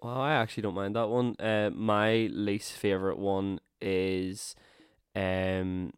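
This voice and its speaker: A man's voice: fairly low pitch, flat delivery, takes it slowly, clean tone, dry recording, studio quality. A young man hosting a casual podcast chat, swearing freely and laughing often. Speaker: podcast host.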